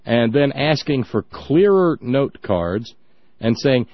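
A man's voice: medium pitch, expressive, slow pace, no room sound, dull audio. A man hosting a talk show in casual chat, wry and rambling, with many fillers and restarts.

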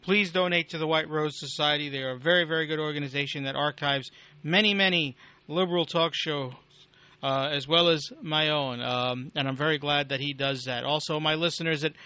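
Man, talk radio host, sardonic ranting, bright voice, dry close mic, muffled lo-fi sound. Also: on the high side, steady tone, brisk, no echo. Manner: blunt, sardonic, swears casually. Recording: dull lo-fi recording.

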